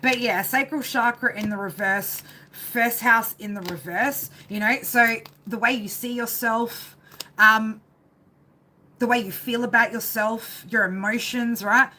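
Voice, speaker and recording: A woman with a slightly high, pushed, bright voice does a live tarot reading on a stream at a measured pace, with a little hiss or hum in the audio. She rambles casually, swears, and tags almost every phrase with "right?".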